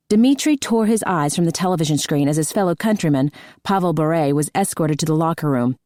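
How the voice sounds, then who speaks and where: A woman narrates an audiobook in a steady, measured reading. Her voice is low and the studio booth sound is dry and close. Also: dry recording. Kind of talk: scripted narration.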